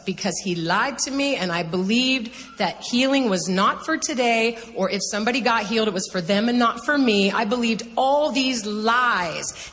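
A woman telling an animated personal testimony as a guest, laughing often and rushing through her story. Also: on the high side. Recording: reverberant hall, faint background noise.

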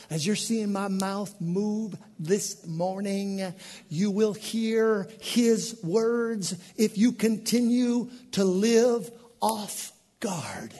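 Male pastor, high and animated, preaching in a church with long reverb. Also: breathy edge. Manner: animated preaching with bursts of shouting. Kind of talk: sermon.

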